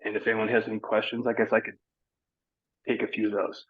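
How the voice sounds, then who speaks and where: A man's voice: lowish voice, level tone, quick pace, breathy edge. A man organizing an event, giving an upbeat, chatty update on a video call while a little out of breath. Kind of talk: casual meeting update. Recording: dull lo-fi call audio.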